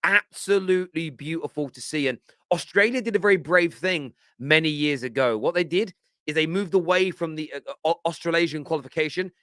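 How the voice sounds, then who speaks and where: A man hosts a live football fan stream, chatty and enthusiastic as he reads out viewer comments. His voice is crisp and clear, and the sound is dry and close, with no room around it. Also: on the high side, pushed and bright, dry recording. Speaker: football show host.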